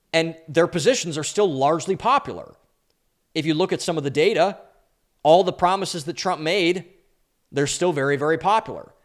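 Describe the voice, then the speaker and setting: A young male podcast host delivers a solo commentary monologue in a somewhat high voice. He talks with opinionated energy and leans hard on key words, stretching them out for emphasis. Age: young adult. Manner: emphatic, drawing out stressed words.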